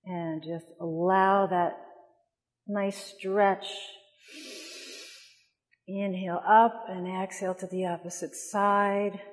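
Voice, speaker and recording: A woman leading a mother and baby yoga class, giving gentle, soothing cues and cooing at the babies. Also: mid-range voice, level tone, slow pace, long pauses, long reverb tail. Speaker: yoga instructor. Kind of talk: guided yoga class instruction.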